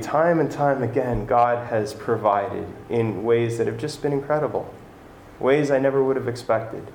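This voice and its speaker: Earnest preaching man in an echoey room. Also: mid-range voice. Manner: earnest, conversational preaching with rising emphasis. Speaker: pastor. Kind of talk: sermon. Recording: echoey room with faint noise.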